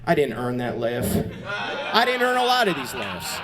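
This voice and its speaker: A man doing stand-up comedy on a club stage, animated and crude, chatting with the crowd. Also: mid-range voice, moderate pace, loud music behind the voice.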